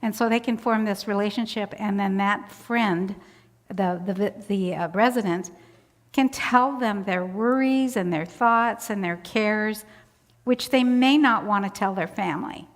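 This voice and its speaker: A woman's voice: medium pitch, measured pace. An older woman telling a personal story in an interview, chatty, laughing often as she acts out voices. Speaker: church volunteer interviewee. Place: church sanctuary. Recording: long church hall reverb.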